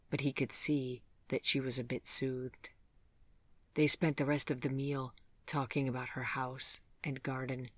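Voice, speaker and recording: Calm, dry-sounding audiobook narrator. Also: mid-range voice, no room sound. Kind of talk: scripted narration.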